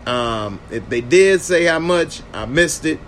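Speaking a little high and expressively, this man talks through a TV episode at a measured pace, answering viewer comments in a relaxed reaction video. His tone is a bit bright, with slight noise in the background.

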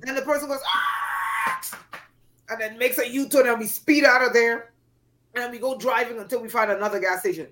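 A woman's voice: a little high, steady tone, fast, fairly bright tone. A woman from Trinidad and Tobago, a podcast guest, telling a dramatic personal story with emphatic, acted-out voices. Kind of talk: storytelling in an interview.

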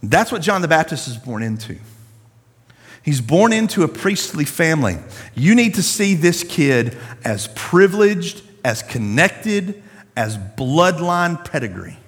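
Lively high-voiced pastor preaching. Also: male voice, a little slow, breathy edge. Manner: animated, conversational, slangy storytelling. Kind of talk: sermon. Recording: long reverb of a large hall.

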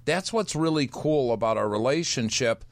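A man's voice: mid-range voice, animated, moderate pace, no room sound. A man talking openly and bluntly as a podcast guest, swearing casually while telling personal stories. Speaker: podcast guest, recovery speaker. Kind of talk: candid conversational storytelling.

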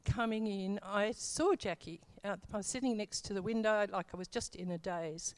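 A woman's voice: mid-range voice, normal speed. Woman sharing a rambling church testimony. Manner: rambling, hesitant, with many fillers and self-corrections. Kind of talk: church testimony, casual storytelling.

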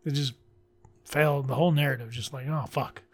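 A man's voice: medium pitch, steady tone, fairly quick. A man reviewing a book in casual commentary, blunt and sarcastic, swearing freely.

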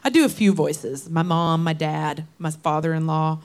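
A woman's voice: deep voice, steady tone, moderate pace, darkish tone, smooth. A woman, a guest singer-songwriter telling casual, rambling stories with frequent laughs and tangents. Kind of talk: casual conversational storytelling.

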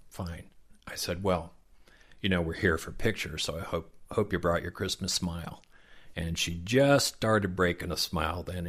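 A middle-aged man with a Southern American accent who works as Santa, telling stories in an interview and acting out the children's words. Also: low-pitched. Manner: warm, anecdotal, acts out children's words. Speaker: professional Santa Claus. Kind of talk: interview storytelling.

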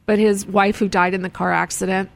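A woman's voice: mid-range voice, little pitch movement, fairly quick, creaky. A woman hosting a casual studio chat, telling personal stories earnestly with frequent restarts. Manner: earnest, storytelling, many restarts. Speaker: host. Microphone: close mic in a studio.

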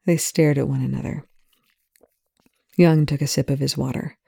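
A narrator reading fan fiction aloud with a slight lisp, measured and even. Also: medium pitch, creaky, breathy edge, dry recording.

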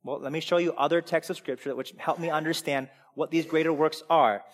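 A man preaching a sermon as pastor, emphatic, swinging between loud preaching and quiet asides. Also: fairly high pitch, fairly even intonation, brisk. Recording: long hall reverb.

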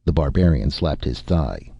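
Very deep gravelly male narrator. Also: moderate pace, no room sound. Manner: dramatic, lively storytelling. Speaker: audiobook narrator. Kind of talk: scripted narration. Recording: dull lo-fi recording.

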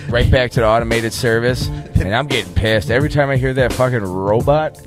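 A man co-hosting a casual chat, telling a story in a halting, rambling way and swearing freely. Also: medium pitch, music in the background. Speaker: podcast co-host.

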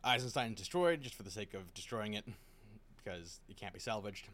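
A man casually retelling a long story to a friend, rambling with restarts and quick acted quotes. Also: fairly low pitch, animated, a bit bright. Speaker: lore explainer.

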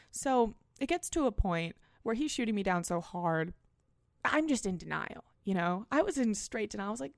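A woman in her twenties hosting a podcast, telling a story in a casual, animated, self-mocking way with plenty of swearing. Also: on the high side, moderate pace, vocal fry, no room sound, clean studio sound. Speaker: podcast host.

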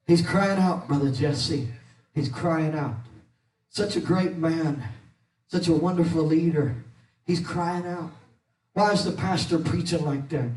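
Man, pastor, high voice, shouting holiness sermon, short-winded, echoey church from a distance. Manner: shouting, rhythmic preaching with rising pitch. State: short of breath. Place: church sanctuary.

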